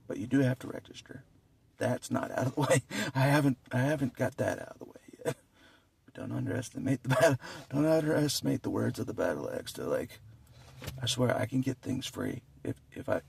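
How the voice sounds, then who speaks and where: A man rambles on in a casual monologue, repeating himself and breaking into laughs. His voice is heavily gravelly and mid-pitched. He sits a little away from the mic, with faint noise in the background. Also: darkish tone, far from the mic.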